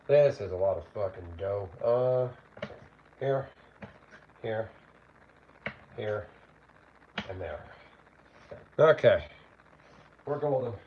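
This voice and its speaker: A man's voice: on the low side, animated, drawn-out words, pauses often, phone-quality sound, slight background noise. A man hosting a casual cooking livestream from his home kitchen, rambling and reading out chat. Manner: rambling, chatty, reads out chat. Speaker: livestream host. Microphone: phone.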